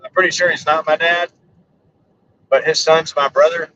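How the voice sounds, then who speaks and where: A man's voice: a little high, steady tone, normal speed, pushed and bright, far from the mic, muffled recording. A middle-aged man, chatting loosely on a live stream from a vehicle, his voice worn and giving out. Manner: joking, goofy, self-mocking. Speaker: storm chaser streaming live. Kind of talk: casual rambling live-stream chat. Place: inside a vehicle.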